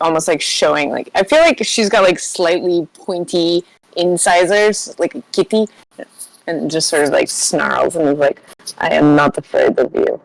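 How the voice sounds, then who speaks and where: A woman's voice: sits low, vocal fry, no echo, rough recording. A woman playing a tabletop game, describing her character's actions in a rambling way. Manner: rambling, says like a lot. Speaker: player.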